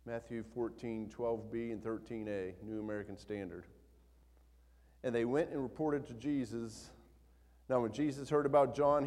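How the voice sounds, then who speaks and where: A man preaching a sermon in a church, reading scripture aloud and swinging between soft, low passages and loud, emphatic ones. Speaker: pastor. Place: church sanctuary. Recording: long hall reverb.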